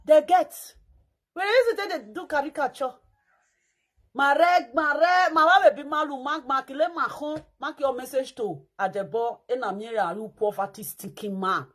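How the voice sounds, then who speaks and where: A high-pitched woman with a Nigerian Pidgin accent delivers mocking, theatrical commentary. She slips into sing-song chants and mock wailing as she talks. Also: moderate pace, a bit bright.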